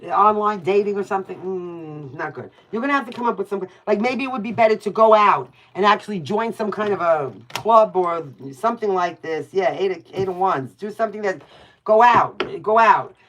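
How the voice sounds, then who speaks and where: A woman's voice: mid-range voice, a little fast, hardly any pauses, a bit bright, a little hiss or hum. A woman with a New York accent giving casual, blunt tarot readings on a livestream, chatting with viewers by name and swearing freely. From Brooklyn, New York.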